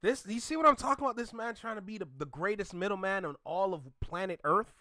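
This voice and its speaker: A man in casual commentary, animated and mocking, laughing often as he reacts to a clip. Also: high voice, fast, no echo, clean studio sound.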